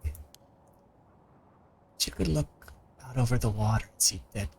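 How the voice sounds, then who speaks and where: Guy reading as a grown woman slowly remembering her schoolgirl days, quiet and low. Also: creaky, husky, heavily acted. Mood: reminiscing. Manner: slow, hushed and low storytelling.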